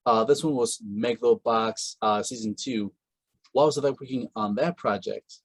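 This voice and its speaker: A man hosting a relaxed interview, his voice sitting on the low side. He rambles through long thoughts with fillers and restarts, recorded close and dry. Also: normal speed, slightly rough, no room sound. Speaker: podcast host. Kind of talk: casual interview.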